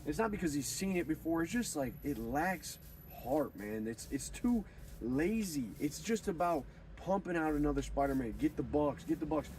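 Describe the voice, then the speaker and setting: A man's voice: on the high side, expressive, normal speed, a little mellow. A young man hosting a gaming video, giving a preachy, profane, rambling casual monologue. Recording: distant mic with clear background noise.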